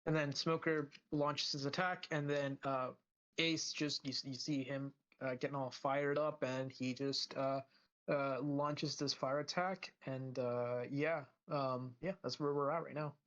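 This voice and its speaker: A man's voice: mid-range voice, fairly even intonation, measured pace, a bit bright, dull audio. A man co-hosting a podcast, recapping an episode casually with lots of fillers and restarts. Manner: rambling, full of fillers and restarts. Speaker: podcast co-host.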